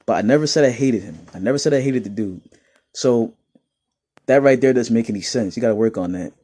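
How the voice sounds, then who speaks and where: Reading out comments just to poke fun at them, a young New Yorker keeps a brisk tempo in his mid-range voice. The tone stays casual and mocking, punctuated by laughter and lively rants.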